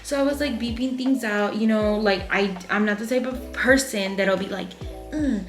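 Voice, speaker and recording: A woman's voice: mid-range voice, moderate pace. A woman in her twenties from Texas telling a story in a chatty, frank vlog, swearing freely and using lots of fillers. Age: 20s. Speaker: vlogger. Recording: echoey room with faint music.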